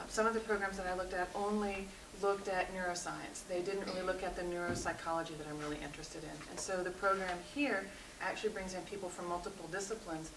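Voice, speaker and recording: A woman from Tennessee, a mock graduate applicant, giving earnest answers with filler pauses. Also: mid-range voice. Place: seminar room. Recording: roomy, distant, noisy room recording.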